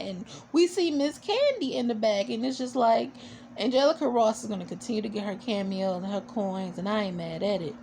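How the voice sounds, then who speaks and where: In a casual vlog, a woman with a medium-pitched, somewhat mellow voice recaps a TV episode, offering strong opinions and sassy asides. She's chatty and packs her talk with fillers like "you know," over slight background noise.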